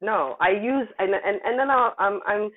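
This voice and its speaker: An animated woman from the United States talks about her work with emphatic, storytelling energy. Her voice comes through a tinny, phone-like line, thin and narrow. She sits at a steady middle pitch. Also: normal speed. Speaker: guest scientist. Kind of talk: casual interview talk.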